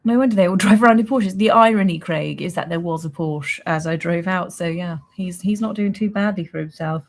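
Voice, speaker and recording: A woman's voice: on the low side, fairly quick. A young woman hosting a casual livestream, chatting in a rambling, self-mocking way and laughing often. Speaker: livestream host.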